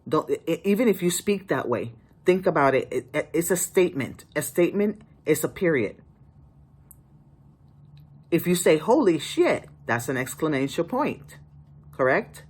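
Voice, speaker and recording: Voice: mid-range voice, lively intonation, moderate pace, slightly rough. An author giving casual writing advice to the camera, emphatic and pleading, often restarting sentences.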